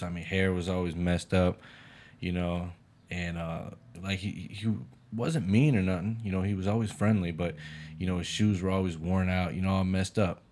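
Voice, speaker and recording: A man's voice: sits low, darkish tone. A man telling a long story in casual chat, laid-back, with lots of fillers and swearing.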